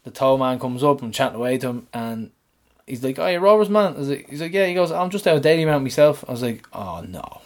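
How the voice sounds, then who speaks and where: Man, podcast co-host, animated storyteller, swears a lot. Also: medium pitch, fast talker. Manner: animated, swears, shouts in retold quotes. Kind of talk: casual storytelling chat.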